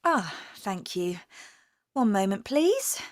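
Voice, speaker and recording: A woman's voice: mid-range voice, very animated, slow pace. A woman with a British accent playing a polite office clerk who asks questions and reads the answers back in a scripted coursebook dialogue. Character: polite female office clerk issuing a card.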